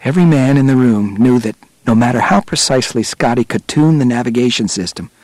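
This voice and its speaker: This is audiobook narration of a nonfiction work by a man whose pitch sits mid-range for a male voice. He reads steadily and deliberately, captured in a close, dry recording with no room sound.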